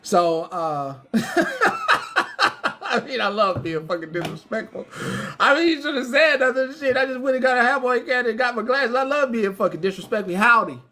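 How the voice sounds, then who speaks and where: A woman livestream host talks fast in a fairly high, sharp voice, ranting casually and profanely at her chat and trolls. She laughs often and addresses the trolls head-on.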